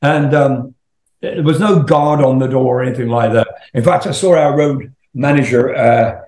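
A man's voice: mid-range voice, normal speed, darkish tone, echoey room. An older man, a rock singer as interview guest, telling long rambling stories with laughs and swearing. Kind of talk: casual storytelling.

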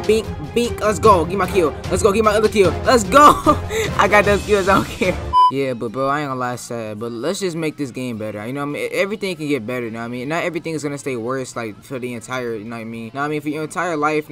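Young dude yelling at his game, bright voice, slangy trash talk, repeats stuff, quiet game music behind. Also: mid-range voice. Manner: repeats short catchphrases. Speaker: gaming YouTuber. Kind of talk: live gameplay commentary.

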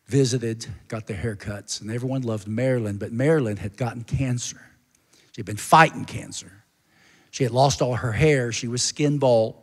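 A male pastor telling a story in a sermon, earnest and narrative, building to a fervent call to the congregation. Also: mid-range voice. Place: church sanctuary. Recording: long church hall reverb.

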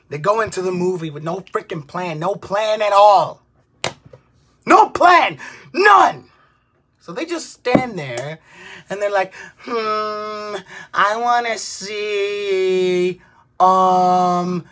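A woman in her twenties, a vlogger, delivering an exasperated comedic rant, swearing and bursting into shouts. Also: on the low side, sing-song, unhurried, pauses often, slightly rough. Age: 20s.

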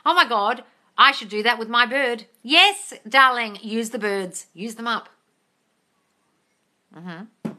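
A woman's voice: on the high side, takes it slowly, pauses often, sharp tone. A woman hosting a casual livestream Q&A as a manifesting coach. She answers viewer comments bluntly, swears freely and calls her listeners darling. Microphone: phone livestream.

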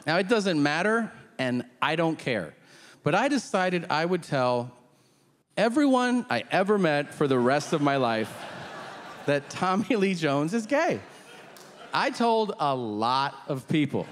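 A man telling a stand-up story on stage in an animated way, acting out both sides of each conversation. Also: a little high, unhurried, in a large hall. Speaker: stand-up comedian. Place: large theater stage with audience.

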